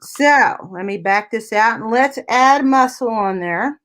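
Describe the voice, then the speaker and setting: A woman's voice: fairly high pitch, animated, unhurried, fairly bright tone. A woman physical therapist explaining anatomy step by step on a talk radio show, often checking in with "right?" and "you know".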